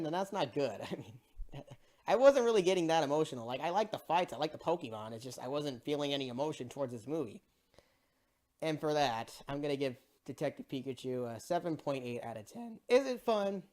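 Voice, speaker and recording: A movie reviewer in a casual ranting review, excitable and exasperated, swearing and repeating "bro". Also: mid-range voice.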